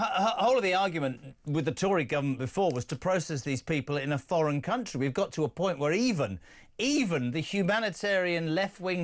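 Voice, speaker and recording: A man hosting live talk radio, brash and full of quick asides. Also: on the high side. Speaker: radio talk show host. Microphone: studio microphone.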